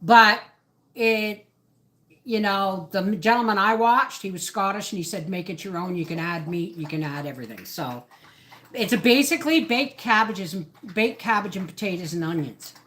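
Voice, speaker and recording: Her medium-pitched, slightly bright voice is animated and brisk. This woman runs a casual homesteading livestream from her kitchen as she cooks, rambling chattily and breaking off mid-thought.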